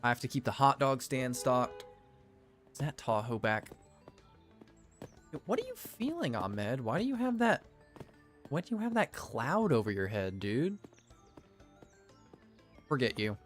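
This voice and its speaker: A man's voice: mid-range voice, sing-song, measured pace, long pauses, soft background music. A young man giving casual, jokey let's-play commentary, self-deprecating with theatrical outbursts, as a gaming video creator.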